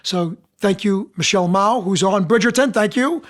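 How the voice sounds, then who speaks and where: A man's voice: high voice, normal speed. A middle-aged man, an actor and dialect coach, telling stories as a podcast guest and acting out the people he quotes. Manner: animated anecdotes, acts out quoted voices. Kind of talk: casual interview storytelling.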